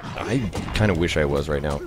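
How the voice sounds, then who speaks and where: A man chatting casually as he plays a game, laughing often and reacting out loud to the action. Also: extremely low pitch, normal speed. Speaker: streamer and host. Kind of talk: casual gameplay commentary.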